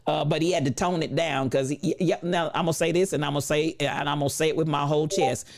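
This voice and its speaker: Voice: medium pitch, lively intonation, fast talker, hardly any pauses. A host with delivering preachy, emphatic reaction commentary, often turning to the viewers directly.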